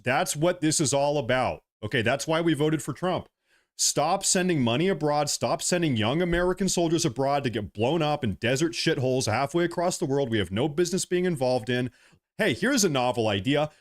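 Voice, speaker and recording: A young man ranting passionately in a livestream monologue, repeating himself and swearing as he reads viewer comments. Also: fairly high pitch.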